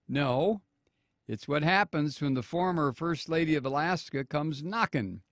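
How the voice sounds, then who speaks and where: A man hosting political talk radio, reading a news story slowly with many fillers and sarcastic asides. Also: on the high side, a bit bright, no room sound, clean studio sound. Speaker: radio talk show host.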